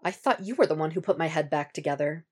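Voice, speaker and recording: A hurt young man answers in a soft, hushed voice that cracks as he speaks, as a woman reads him aloud. His words come hesitantly and quietly, pitched low, as in a fan-fiction audiobook. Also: quick pace, breathy edge. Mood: shaken.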